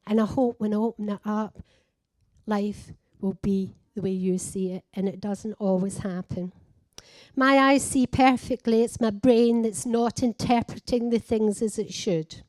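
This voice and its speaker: An older woman with a Scottish accent giving a slow, heartfelt personal speech at a conference. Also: medium pitch, darkish tone, no room sound. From Scotland. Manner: slow, simple heartfelt phrasing. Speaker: conference speaker living with dementia. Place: conference hall.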